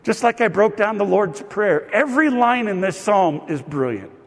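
Gravelly pastor preaching in a reverberant hall. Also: male voice, sits high, moderate pace. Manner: animated storytelling with asides. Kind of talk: sermon.

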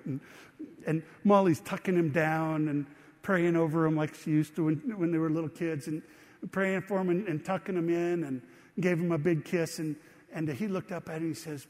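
A man's voice: a little high, a little mellow. A middle-aged man preaching a sermon in a church, telling a personal story in a conversational style and asking the congregation questions. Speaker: pastor. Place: church sanctuary. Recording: long hall reverb.

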